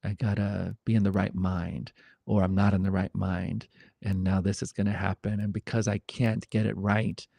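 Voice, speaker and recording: A man leading a satsang, speaking in a reflective, gentle way with wandering pauses. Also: low voice, little pitch movement, vocal fry, no echo. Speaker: satsang teacher. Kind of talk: spiritual dialogue.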